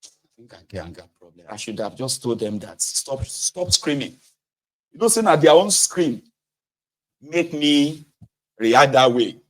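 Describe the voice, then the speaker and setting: A middle-aged Nigerian man with a Nigerian accent, talking through a casual monologue and slipping into Pidgin asides. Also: medium pitch. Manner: animated, acts out shouted scenes, Pidgin asides. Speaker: vlogger.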